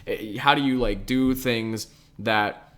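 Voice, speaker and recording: A man's voice: mid-range voice, takes it slowly, fairly bright tone. A young man co-hosting a podcast, chatting casually and rambling, with "like" in almost every phrase and casual swearing. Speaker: podcast co-host. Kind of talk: casual chat.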